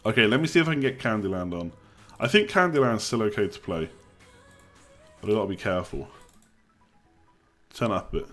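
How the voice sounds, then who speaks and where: A man's voice: on the low side, expressive, a little fast, pauses often, a bit bright, soft background music. A young man hosting a live stream, chatting casually, joking and reading out the chat. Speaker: livestream host.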